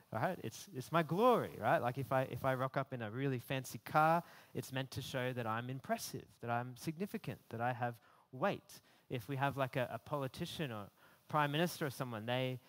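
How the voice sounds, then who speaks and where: A man giving a conversational sermon, often repeating words as he builds emphasis. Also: medium pitch. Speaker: preacher.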